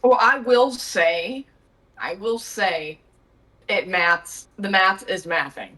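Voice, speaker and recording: A woman's voice: mid-range voice, takes it slowly, bright, forceful tone, low-quality recording. A woman co-hosting a podcast in casual chat, laughing often with crude, playful banter. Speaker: podcast co-host.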